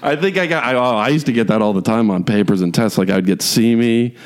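A man's voice: mid-range voice, quick pace, background noise. A man in casual, profane banter who rambles and laughs often.

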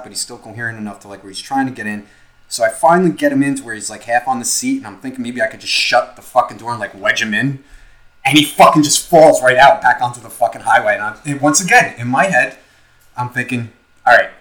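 A man's voice: mid-range voice, a bit bright, low-quality recording. A young man co-hosting a casual podcast, telling a story loosely and profanely with lots of filler words. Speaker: podcast co-host.

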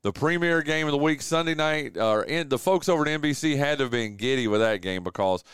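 A man's voice: on the high side, lively intonation, fairly quick, fairly bright tone, clear, resonant tone, no room sound. A man hosting a radio show, chatting casually and emphatically about sports from a studio. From southwestern Virginia. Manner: emphatic, says "dude" often. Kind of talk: casual sports talk chat. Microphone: studio mic.

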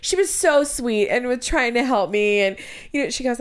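Animated woman telling a story. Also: a little high, moderate pace, clear, resonant tone. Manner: animated storytelling, quotes others. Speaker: podcast co-host. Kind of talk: casual chat.

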